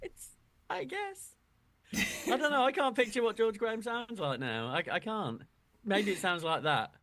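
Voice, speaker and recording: A man's voice: sits high, expressive, a little slow, pushed and bright, dry recording. Jokey, swearing man on a podcast. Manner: jokey, swears freely, laughs often. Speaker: podcast co-host. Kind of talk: casual chat.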